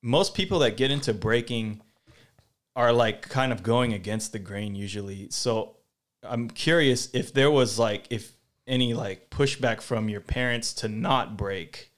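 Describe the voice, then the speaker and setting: A man hosting a casual chat, jokey and playful, asking questions in a relaxed way. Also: medium pitch, a little slow. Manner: jokey, playful, puts on silly voices. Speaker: host, interviewer.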